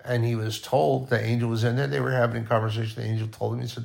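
Gravelly man preaching a casual sermon. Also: medium pitch, fast talker, few pauses. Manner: conversational, with sudden soft drops to near-quiet. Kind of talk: informal sermon.

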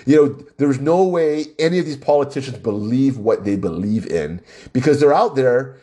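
Rambling, lively-voiced man hosting a podcast. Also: medium pitch, normal speed. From Hawaii. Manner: rambling, argumentative, rhetorical questions. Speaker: podcast host. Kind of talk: casual solo podcast monologue.

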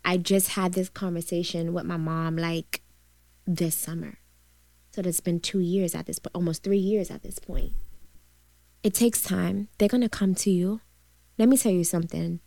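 A woman in a candid chat who presses others with pointed questions and grows softer and quieter when she tells a personal story. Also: lowish voice, fairly even intonation, moderate pace, vocal fry, dry recording. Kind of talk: emotional casual chat.

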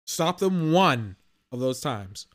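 A man's voice: mid-range voice, sing-song, slow, fairly bright tone. A young man hosting a sports podcast, talking in a casual, blunt monologue with exasperated, slangy rants. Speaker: podcast host.

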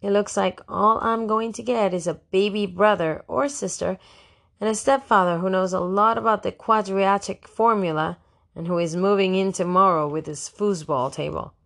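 A woman's voice: mid-range voice, fairly even intonation, normal speed, creaky, a bit bright. A woman narrating an audiobook as a first-person diary, in a wry, fussy teenage diarist tone.

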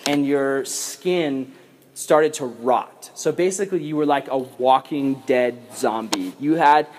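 A man giving a casual, animated sermon to young people, then leading a prayer. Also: medium pitch, takes it slowly, slight background noise.

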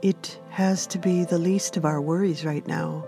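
A woman narrator voicing a young male warrior in a fantasy storybook, speaking gently and soberly. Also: fairly low pitch, steady tone, unhurried, soft background music, lightly acted.

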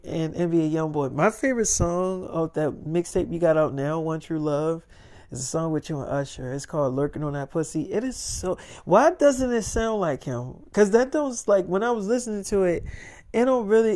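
A man's voice: high voice, dark tone. A man telling a long, rambling first-person story in casual, profane slang.

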